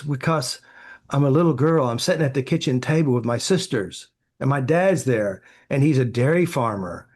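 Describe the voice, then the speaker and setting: A man's voice: mid-range voice, darkish tone. A man, a therapy practitioner, answering interview questions with anecdotes, acting out quoted dialogue and filling with "you know".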